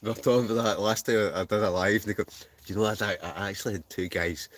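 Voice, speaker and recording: A man's voice: fairly low pitch, fairly even intonation, fast. A Scottish man hosting a casual live stream from a heated camping tent, bantering and laughing as he reads out viewer messages. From Scotland.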